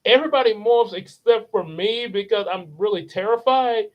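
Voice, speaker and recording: A man's voice: high voice, normal speed, dull audio. A man hosting his channel, telling a casual, rambling story, laughing often and slipping into character voices. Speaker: channel host.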